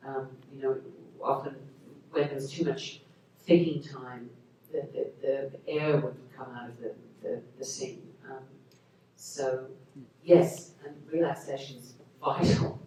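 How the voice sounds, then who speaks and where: A woman's voice: rumbling low, fairly even intonation, takes it slowly, dark tone. A woman answering questions as an actor on a Q&A panel, speaking thoughtfully and searching for her words. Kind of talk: Q&A panel discussion. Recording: echoey hall, distant mic, faint noise.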